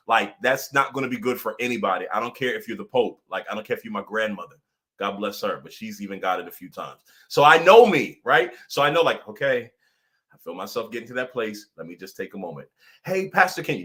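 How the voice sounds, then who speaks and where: A man acting as pastor and coach hosts a casual motivational livestream, animated and laughing often, repeating points for emphasis. His voice is medium-pitched and brisk.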